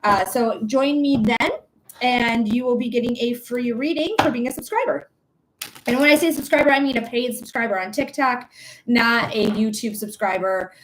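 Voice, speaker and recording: An American woman who does psychic readings hosts a live stream, chatting casually and repeatedly greeting viewers by name. Her fairly high voice moves at a moderate pace on a low-quality recording with slight background noise.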